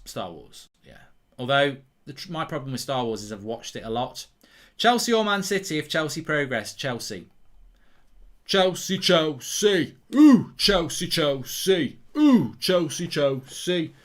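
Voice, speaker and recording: A man hosting a live football watchalong, chatting casually and answering viewer questions in a lively way and swearing freely. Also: mid-range voice, normal speed. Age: older than 23. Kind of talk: casual chat.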